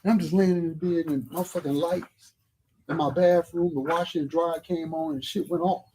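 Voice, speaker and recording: A man's voice: fairly high pitch, steady tone, normal speed, mellow, slight background noise, low-quality recording. Profane, blunt man telling a story. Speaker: podcast guest telling a personal story. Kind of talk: casual storytelling chat. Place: live podcast studio.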